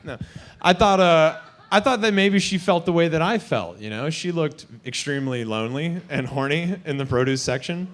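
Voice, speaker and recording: A man's voice: on the high side, animated, moderate pace, fairly bright tone. Self-mocking young man doing stand-up. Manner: self-mocking, crude, laughs at his own jokes. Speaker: stand-up comic. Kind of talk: open mic stand-up.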